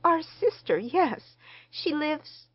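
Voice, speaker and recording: A woman's voice: high-pitched, big pitch swings, takes it slowly, dry recording, muffled recording, voice pushed up, exaggerated voice. A woman reading the part of a shy, flustered spinster dressmaker who stammers. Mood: eager. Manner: stammering, eager, homely speech.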